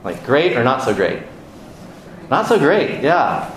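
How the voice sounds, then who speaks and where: An American man preaches to his congregation in a church, teaching conversationally and putting questions to the room. His voice sits at an ordinary pitch and rings out with heavy echo. A faint background noise runs underneath. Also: sing-song, takes it slowly. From United States. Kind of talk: sermon.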